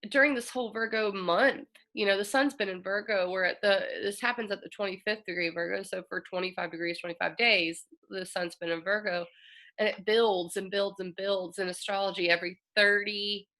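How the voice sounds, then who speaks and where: A woman astrologer talking earnestly and reflectively, with a bright, forward tone and a gravelly edge of vocal fry. Her casual delivery carries open emotion. She sounds like a host speaking straight to her listeners. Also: medium pitch, steady tone, fairly quick. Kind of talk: casual spoken astrology talk.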